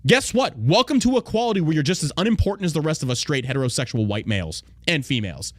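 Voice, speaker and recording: Profane, animated podcast host ranting. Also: male voice, on the high side, fast, no echo, studio quality. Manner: mocking put-on voices when quoting. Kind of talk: casual political podcast chat.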